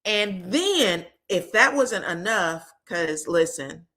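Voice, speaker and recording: A woman's voice: fairly low pitch, takes it slowly. A woman giving a casual gossip recap of a reality show, acting out the cast's lines with frank cursing. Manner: animated, acts out quotes, frank cursing.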